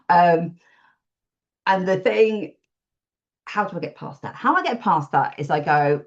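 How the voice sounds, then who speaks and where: A woman chatting openly about her freelance work in a relaxed interview, self-deprecating and quick to laugh. Her voice sits a little low. The audio is dull and lo-fi, like a remote call. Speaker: WordPress support freelancer, podcast guest. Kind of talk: casual interview chat.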